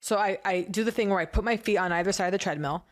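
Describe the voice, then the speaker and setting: A woman co-hosting a casual comedy podcast, telling a story with lively quoted voices. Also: fast. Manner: animated storyteller, acts out quoted voices with big pitch jumps. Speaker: podcast co-host.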